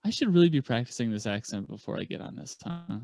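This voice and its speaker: A man's voice: mid-range voice, big pitch swings, quick pace, darkish tone. A man playing in a tabletop role-playing game, chatting casually in a rambling, self-deprecating way and laughing often. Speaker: player.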